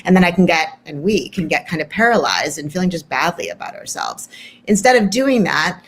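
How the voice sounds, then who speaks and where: Woman, 30s, lower voice, earnest therapist guest in a casual chat. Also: expressive, fairly quick, slight background noise, rough recording.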